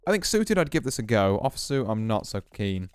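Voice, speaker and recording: Soft music plays behind a VTuber streamer who offers casual commentary on his poker game, thinking aloud and explaining each hand. His voice sits on the low side, sing-song and brisk with a clean tone.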